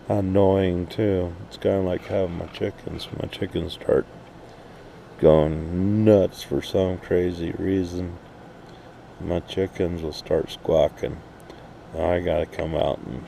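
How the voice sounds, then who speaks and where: A man vents in a blunt, profanity-laced ramble, his voice low, gravelly and very dark. He talks slowly and unhurriedly, as if hanging around outside. He is recorded outdoors at night, with a faint hum of noise behind him. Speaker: RV vlogger. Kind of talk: casual rant to camera.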